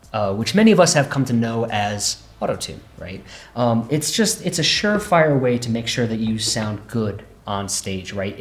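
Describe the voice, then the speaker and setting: A man hosting a relaxed synth demo lesson, often checking in with "right?" as he explains. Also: medium pitch. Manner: relaxed, says "right?" a lot. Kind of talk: casual instructional demo. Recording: roomy echo.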